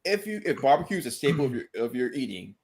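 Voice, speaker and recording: A man's voice: mid-range voice, big pitch swings, fast, darkish tone. A man in a casual podcast chat giving blunt, firm opinions.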